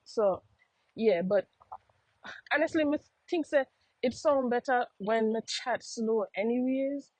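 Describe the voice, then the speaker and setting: Speaking slowly in a slightly high, a little mellow voice, a young woman from the United States talks casually to her viewers with a Jamaican patois accent, frequently repeating herself. She's a vlogger out on a walk; there's no room sound, though the lo-fi recording is slightly dull.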